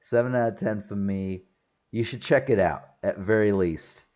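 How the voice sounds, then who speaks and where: Man, lowish voice, casual movie review, chatty, laughs often, muffled lo-fi sound. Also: normal speed, a little mellow.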